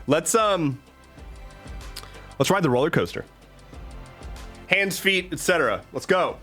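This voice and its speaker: A man's voice: on the high side, lively intonation, a little slow, bright, forceful tone, faint music behind. A man streaming live, chatting casually with a playful, rambling, jokey manner.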